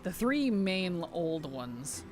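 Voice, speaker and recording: High-voiced man streaming a game. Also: big pitch swings, slow pace. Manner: chatty, reads and answers viewer chat with easy laughs. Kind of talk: casual live-stream chat while gaming. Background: background music.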